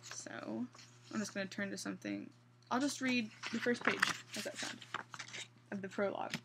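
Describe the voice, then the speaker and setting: A woman's voice: medium pitch, animated, moderate pace, background noise. A young woman with a Central Kansas accent chatting casually through an accent challenge, rambling with restarts and fillers. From Kansas, USA. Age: young adult. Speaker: vlogger.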